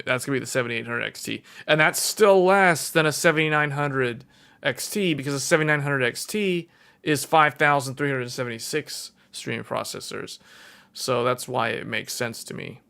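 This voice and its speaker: A man's voice: medium pitch, vocal fry, bright, forceful tone. A man hosting a tech livestream, casually thinking aloud and correcting himself as he goes.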